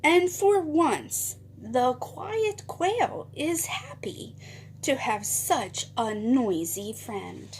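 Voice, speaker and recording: A woman's voice: high-pitched, big pitch swings, very slow, slight background noise. A woman teacher leading a phonics lesson for young children, reading a storybook aloud in a sing-song way with whispered parts.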